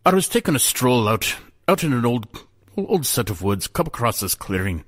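A man telling a folk tale in a folksy, animated way. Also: medium pitch, normal speed, husky. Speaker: storyteller.

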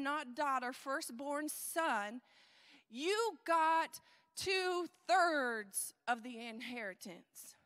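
High, bright woman preaching slowly. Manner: animated, conversational, uses repetition. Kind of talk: sermon.

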